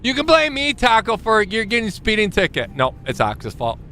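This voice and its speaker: A man streaming a trucking game, chatting casually and joking with his viewers, now and then jumping into high squeaky exclamations. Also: wildly swooping pitch, a little fast, bright, forceful tone, soft background music. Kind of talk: casual live-stream chat while gaming.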